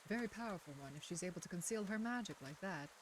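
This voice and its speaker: A woman streamer reading a visual novel aloud, narrating and adding playful, excitable asides. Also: on the low side, fast, a little hiss or hum. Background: game music.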